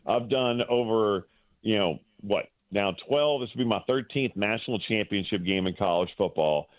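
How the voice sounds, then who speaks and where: A man's voice: lowish voice, moderate pace, no room sound. A middle-aged man, a guest sports broadcaster, telling an emotional story in a rambling way, full of fillers and restarts, on a call into a show. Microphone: phone. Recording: dry, tinny phone line.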